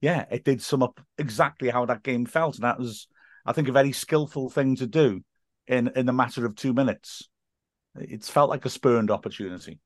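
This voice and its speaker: A man's voice: mid-range voice, moderate pace, dry recording. Commentator guy rambling through stories on a podcast, dry close sound. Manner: chatty storyteller with many restarts. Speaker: football commentator and guest. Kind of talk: casual podcast chat.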